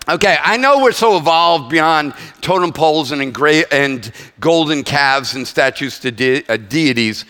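Male pastor, sermon, lively swooping delivery, bright voice, long reverb from a large hall. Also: on the high side. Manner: animated preaching with jokes and restarts.

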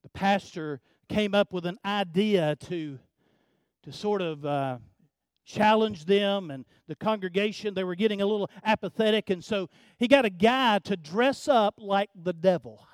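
Older male preacher, high-pitched, folksy storytelling, stammered repeats, dry close recording. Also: a little slow, no echo. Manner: folksy, repeats words, swings from hushed to loud. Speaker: pastor. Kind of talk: sermon with personal story.

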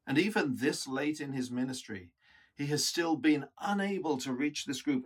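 A man delivers a reflective sermon at a middling pitch. His voice is husky. He teaches in an earnest, thoughtful manner. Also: lively intonation, moderate pace. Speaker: preacher.

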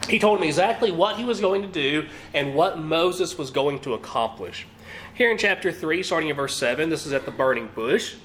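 Animated, high-voiced male preacher. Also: a little fast, a little hiss or hum. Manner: animated, rhetorical questions, acts out quotes. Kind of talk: sermon teaching.

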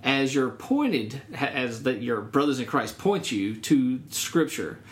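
An earnest man in a relaxed faith conversation, speaking at an everyday middle pitch. He tells stories with quoted remarks and reflective pauses. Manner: earnest, storytelling with quoted asides. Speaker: guest, former Marine. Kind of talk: casual discussion.

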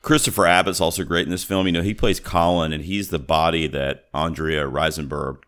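A middle-aged man hosting a movie podcast, relaxed and talkative, full of "like" and "uh". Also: low voice, fairly quick. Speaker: podcast host. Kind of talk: casual movie chat.

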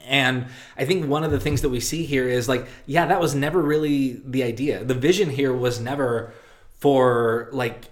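A man giving a sermon at a middling pitch. He hesitates often and circles back over his words, then lets each phrase sink low and quiet at its end. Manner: halting, many fillers and restarts, soft drop at phrase ends. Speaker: pastor. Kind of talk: sermon with a read passage.

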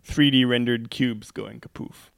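A man's voice: mid-range voice, fairly even intonation, measured pace, vocal fry, fairly bright tone, clear, resonant tone, no echo. A man co-hosting a casual chat, making dry, wry remarks and corrections. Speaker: podcast co-host.

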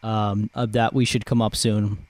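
A man's voice: fairly low pitch, little pitch movement, moderate pace, no room sound. A man co-hosting a podcast in casual chat, teasing and stammering at the starts of his sentences. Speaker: podcast co-host.

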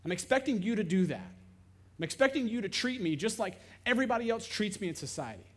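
A man's voice: high-pitched, lively intonation, fast. A man voicing a desperate, resigned male leper who begs to be accepted, in a dramatized sermon monologue. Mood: pleading. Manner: pleading, plain-spoken.

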